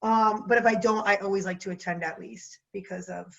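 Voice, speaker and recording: A young woman with a New Jersey accent, chatting as a podcast guest in a bubbly, animated way. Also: mid-range voice, gravelly, lo-fi sound, faint music behind. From New Jersey, USA. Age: young adult. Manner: bubbly, animated, quick to laugh. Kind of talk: casual interview chat.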